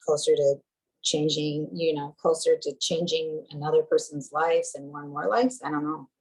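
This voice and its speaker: A woman's voice: deep voice, moderate pace, gravelly, a little mellow, husky, poor audio. A woman taking part in a video call, answering hesitantly and searching for words.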